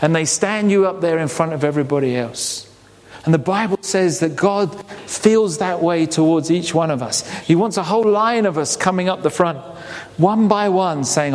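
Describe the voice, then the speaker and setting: Male pastor, sermon, higher voice, animated, rhetorical questions, long hall reverb. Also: moderate pace.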